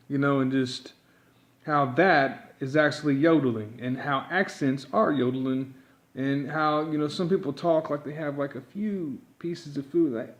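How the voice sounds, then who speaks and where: Male vocal teacher, improvised and rambling, a touch high, recorded in a roomy space. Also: unhurried, vocal fry, pushed and bright. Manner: rambling, packed with "you know" fillers. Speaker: yodeling teacher.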